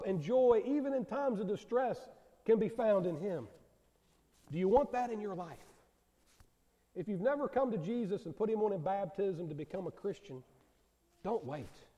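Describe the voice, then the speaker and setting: A man's voice: high-pitched, warm tone. A man preaching a sermon to a congregation, earnest and asking them direct questions. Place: church sanctuary. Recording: long hall reverb.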